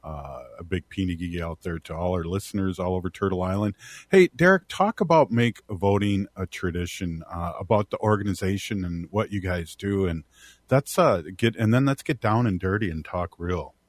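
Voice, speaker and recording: A man's voice: low-pitched, normal speed, no room sound. A man hosting a talk program in a playful, joking way. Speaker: radio host. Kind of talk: casual chat.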